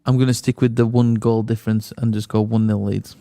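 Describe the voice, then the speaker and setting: A man's voice: fairly low pitch, little pitch movement, fairly quick, mellow. A man, co-hosting a podcast in easygoing, hesitant football chat. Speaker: podcast co-host.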